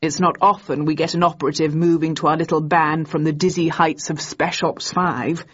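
A woman voicing a grey-haired gentleman in his seventies with courteous, old-fashioned formal speech. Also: low voice, level tone, moderate pace, breathy edge. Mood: cordial. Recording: dull, muffled recording.

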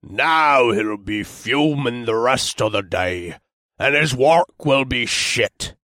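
A male narrator voices a short, stout dwarf blacksmith with a gruff, grumbling manner in this storybook reading. He talks slowly and heavily, and the sound is dry and close. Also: mid-range voice, lively intonation, bright, forceful tone, no room sound. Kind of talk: audiobook narration.

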